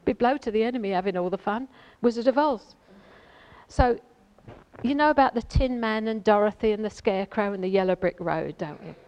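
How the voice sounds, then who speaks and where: A woman's voice: medium pitch, brisk, darkish tone, clean tone, lo-fi sound. Chatty woman teaching the Bible. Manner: chatty and rambling, many fillers and asides. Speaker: lay preacher.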